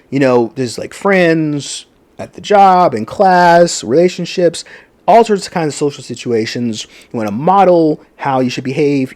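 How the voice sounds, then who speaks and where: Guy giving a recorded college lecture, chatty and animated, lots of ums and rhetorical questions, average pitch.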